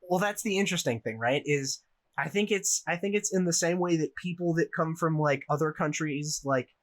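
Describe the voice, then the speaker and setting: A man's voice: fairly high pitch, moderate pace. Profane young American man telling a story. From United States. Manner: profane, rambling, laughs while telling stories. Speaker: podcast co-host. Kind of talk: casual storytelling chat.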